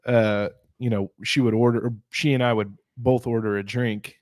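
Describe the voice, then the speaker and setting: Casting: male co-host, mid-range voice, relaxed quick reactions, dry close mic. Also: mid-range voice, no echo. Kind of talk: casual chat over drinks.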